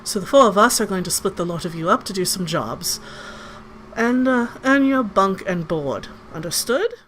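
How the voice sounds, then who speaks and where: A man voicing a stern, commanding female elf marshal in a tabletop game, speaking with formal, measured authority. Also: high-pitched, expressive, a bit bright, a little hiss or hum, pitched above the performer's own voice.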